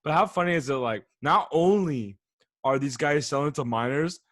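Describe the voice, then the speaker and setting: A man's voice: on the high side, animated, moderate pace, fairly bright tone, no echo, clean studio sound. A man in his twenties co-hosting a podcast, telling stories in a rambling casual way, swearing often. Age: 20s. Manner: rambling, swears often, says "dude" and "bro". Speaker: podcast co-host. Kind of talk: casual chat, storytelling.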